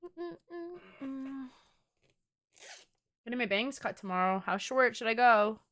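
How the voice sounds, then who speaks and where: This is a casual live stream where a young woman, a game streamer at home, jokes with her viewers and swears freely. Her voice is fairly high and bright, and she talks fairly quickly.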